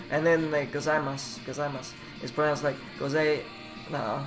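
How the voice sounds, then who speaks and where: Man, rambling, swearing, slightly high voice, faint background music. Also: fairly even intonation, fast. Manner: rambling, swears, mumbles while reading aloud. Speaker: vlogger. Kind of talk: casual self-taught language study.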